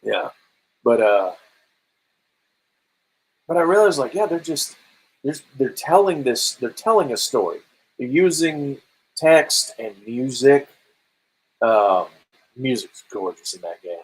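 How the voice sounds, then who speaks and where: A man with a somewhat husky voice talks casually on a podcast about video games. He tells stories in an animated way and slips into little acted-out quotes. His pitch sits in an ordinary middle range. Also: slow, pauses often, low-quality recording. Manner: animated storytelling, acts out quotes. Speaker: podcast co-host.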